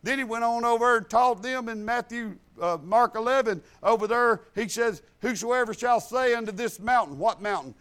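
A man's voice: very high-pitched, moderate pace, fairly bright tone. A man preaching a sermon, retelling talks with God and mixing scripture quotes with folksy plain talk.

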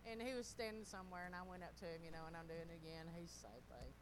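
A middle-aged woman, telling stories in a casual sermon, animated and laughing often as she talks to the congregation. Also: lowish voice, fast talker, noisy background. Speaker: pastor's wife.

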